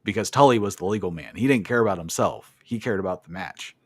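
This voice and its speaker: Blunt, low-voiced male podcast host. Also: quick pace, no echo. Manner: swears freely, blunt opinions. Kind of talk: casual play-by-play recap of a wrestling show.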